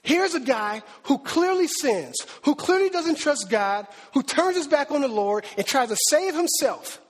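A man's voice: very high voice, sing-song, unhurried, long reverb tail. A man preaching a conversational sermon in a church, full of rhetorical questions to the congregation. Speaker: pastor. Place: church sanctuary.

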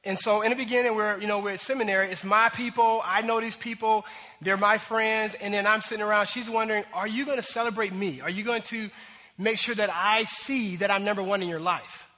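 Guy preaching a sermon, bright voice, lots of hall echo, acts out little voices. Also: high-pitched, fairly even intonation, fairly quick. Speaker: pastor.

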